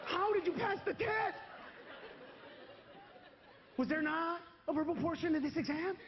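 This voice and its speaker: A male stand-up comedian performing an animated set on stage, shouting his punchlines. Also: very high-pitched, unhurried, a faint crowd. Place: comedy stage before a live audience. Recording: dull live stage recording, audience noise.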